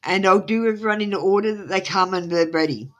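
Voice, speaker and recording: A woman's voice: medium pitch, fast talker, a bit bright. An Australian woman on a live stream giving tarot readings, talking in a rambling, apologetic way with lots of ums. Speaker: tarot reader. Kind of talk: casual live-stream chat.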